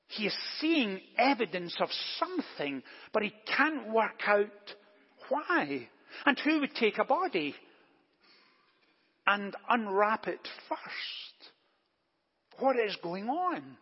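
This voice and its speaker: A man preaching a sermon as pastor in a church, deliberate and emphatic, posing rhetorical questions. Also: high-pitched, slightly rough. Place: church during service. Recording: echoey church, long reverb, dull lo-fi.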